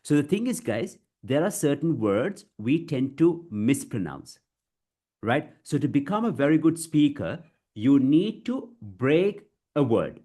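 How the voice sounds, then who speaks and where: A man teaching public speaking in an online class, repeating words slowly in chunks and often saying "you see" to his students. English is not his first language. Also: on the high side, big pitch swings, warm tone. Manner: slow, chunked pronunciation drills with many repetitions; addresses listeners as guys, says you see often.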